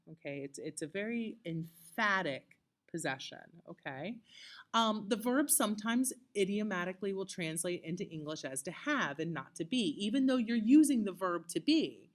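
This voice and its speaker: Lady teacher talking through a lesson, kinda low pitch, casual, says okay a lot. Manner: conversational, many fillers and repeated checks of okay. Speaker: Latin teacher. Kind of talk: recorded lecture.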